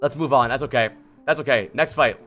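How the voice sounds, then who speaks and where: A man streaming a gameplay vod review, blunt and exasperated, swearing and yelling at the player he coaches. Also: medium pitch, fairly quick, faint music behind. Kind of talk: livestream game vod review.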